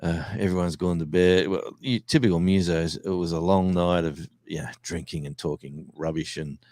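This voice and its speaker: A middle-aged man with an Australian accent and a very low voice spins a rambling, animated story with voiced quotes. The sound is dry and close, with little room around it. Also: normal speed, no room sound. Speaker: touring musician. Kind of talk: casual storytelling chat.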